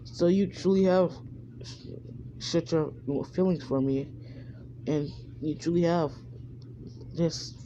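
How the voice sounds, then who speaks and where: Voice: mid-range voice, takes it slowly, pauses often, warm tone, lo-fi sound, slight background noise, lightly acted. A fan narrator voicing a young female ninja who pleads with someone she has hurt. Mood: pleading.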